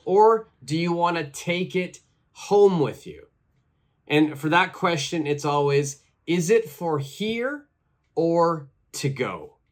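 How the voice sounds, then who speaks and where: A man teaching an English lesson, who says phrases slowly and clearly and repeats them for practice. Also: fairly high pitch.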